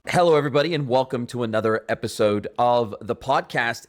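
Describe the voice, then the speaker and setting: A man's voice: medium pitch, animated, a little fast, few pauses. Effusive male podcast host. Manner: effusive, enthusiastic. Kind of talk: interview conversation.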